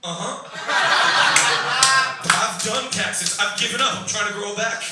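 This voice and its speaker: A man's voice: high-pitched, unhurried. A Canadian man in his thirties doing stand-up crowd work, brash and teasing, swearing freely. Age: 30s. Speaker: stand-up comedian. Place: comedy club stage, live audience. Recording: echoey room, recorded from far, audience noise.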